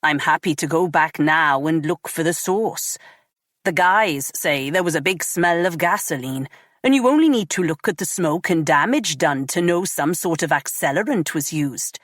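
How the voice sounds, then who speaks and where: A man's voice: on the high side, expressive, moderate pace, no echo, clean studio sound. A woman narrator voicing a rotund middle-aged Welsh fire officer, friendly and chatty, with a Welsh accent. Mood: matter-of-fact. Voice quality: warm, chatty. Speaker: assistant chief fire officer.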